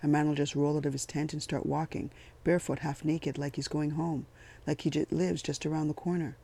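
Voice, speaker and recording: A man voicing a calm, weary army captain. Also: fairly high pitch, brisk, creaky. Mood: steady. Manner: calm, quiet and matter-of-fact.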